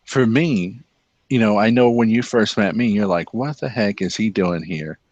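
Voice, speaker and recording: A man with a low voice talks in an easygoing, chatty way, now and then sliding into a smooth announcer delivery. The sound is close and dry, with no room around it. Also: moderate pace, darkish tone, no echo, lo-fi sound. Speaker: guest. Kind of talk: casual chat.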